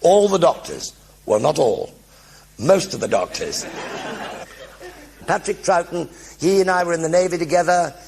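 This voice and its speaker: Older British male raconteur, gravelly voice, animated stage storytelling with quick impressions. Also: fairly high pitch. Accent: British English. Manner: lively raconteur, mimics others' voices with sound effects. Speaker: actor telling stage anecdotes. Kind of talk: one-man stage show storytelling. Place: theatre stage.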